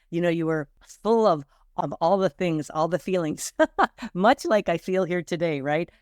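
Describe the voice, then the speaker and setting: A middle-aged woman hosting a podcast, telling a personal story in an earnest, animated way, often checking in with "right?". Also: sits low, dry recording, clean studio sound. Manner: earnest and animated, frequent "right?" and quoted self-talk. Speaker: podcast host.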